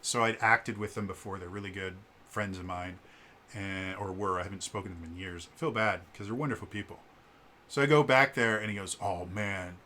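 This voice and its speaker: A man telling a casual story in a vlog, animated and acting out the quoted lines, with fillers and stammered restarts. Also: a little fast, slight background noise. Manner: animated, acts out quoted lines with shifts in pitch. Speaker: vlogger.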